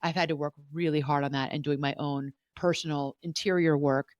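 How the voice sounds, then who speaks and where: A woman's voice: low-pitched, fairly even intonation, a little fast, no echo. A woman therapist hosting a podcast, giving earnest advice in a coaching tone and often repeating herself. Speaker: podcast host, family therapist.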